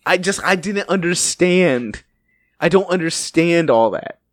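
A man chats casually about a TV episode, swearing freely and laughing often. His voice sits a touch high and swings widely in pitch. The sound is dry and close. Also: measured pace, dry recording. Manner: profane, animated, laughs often. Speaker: podcast co-host. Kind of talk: casual TV recap chat.

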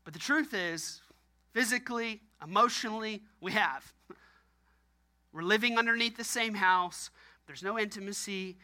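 A man's voice: sits high, unhurried, pushed and bright. A man preaching a sermon about marriage, emphatic and repetitive, often laughing. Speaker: pastor.

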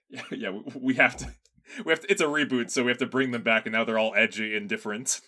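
A man's voice: medium pitch, fairly even intonation, fairly quick, bright, forceful tone. A man co-hosting a comedy podcast, easygoing and giggly, laughing often through the banter. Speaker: podcast co-host.

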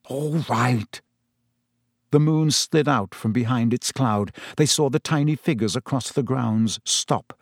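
Brief: male audiobook narrator, mid-pitched, measured, close and bone-dry. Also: no room sound. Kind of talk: scripted narration.

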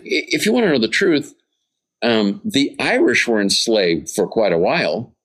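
Low-voiced man giving an informal sermon. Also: fairly bright tone. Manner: informal, checks in with "right?" and "okay?"; reads passages aloud, then comments. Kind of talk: conversational Bible teaching.

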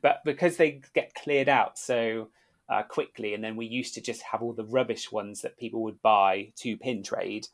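A man's voice: fairly low pitch, steady tone, normal speed. A man telling a story in a casual chat, acting out the voices of the people he quotes. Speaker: podcast guest, former theme park worker.

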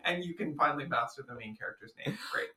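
A man's voice: on the high side, lively intonation, quick pace, pushed and bright, reverberant, distant mic. A man co-hosting a podcast, chatting casually and jokingly about a film with lots of fillers. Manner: playful, jokey, many fillers. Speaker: podcast co-host. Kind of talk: casual film review chat.

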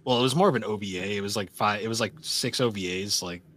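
Low-voiced male co-host, loose rambling podcast banter. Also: fast, fairly bright tone, slight background noise. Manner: rambling, filler-heavy, laughs often. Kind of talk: casual chat.

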